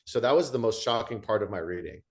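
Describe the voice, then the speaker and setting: Male host, lowish voice, eager and chatty, storytelling with restarts. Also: animated, fast talker. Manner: enthusiastic, storytelling, many restarts. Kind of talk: conversational interview.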